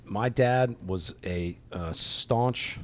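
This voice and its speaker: A man's voice: lowish voice, extremely slow. A man on a podcast recalling his childhood with hesitant, wry remarks. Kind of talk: casual podcast chat.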